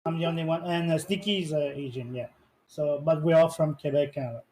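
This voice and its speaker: Higher-voiced man, casual interview answers. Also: fast, darkish tone, low-quality recording. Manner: rambling, searches for English words. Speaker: esports player being interviewed.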